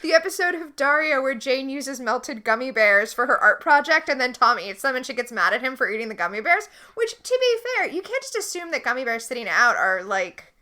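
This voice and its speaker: Bright, lively woman podcast co-host. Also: high voice, brisk, few pauses. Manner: animated, enthusiastic storytelling. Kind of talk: casual chat recapping a TV episode.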